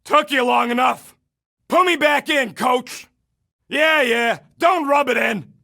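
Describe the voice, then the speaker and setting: An actor playing a gruff, wisecracking male raccoon gunner in a video game, yelling brash, sarcastic combat callouts. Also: very high-pitched, takes it slowly, heavily acted. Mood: cocky banter.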